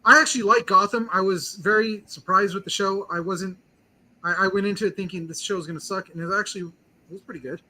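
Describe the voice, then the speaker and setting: A man's voice: high-pitched, fairly even intonation, a little fast, sharp tone, a little hiss or hum, low-quality recording. A man hosting a casual pop-culture chat show, talking eagerly and rambling with lots of "like" fillers. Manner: eager, rambling, heavy use of "like". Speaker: podcast host.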